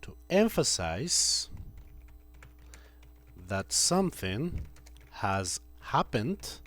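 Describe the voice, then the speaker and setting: Male English teacher, lively up-and-down intonation, unhurried classroom delivery. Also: mid-range voice. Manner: slow, patient, repeats example sentences. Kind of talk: classroom grammar lesson. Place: classroom with students.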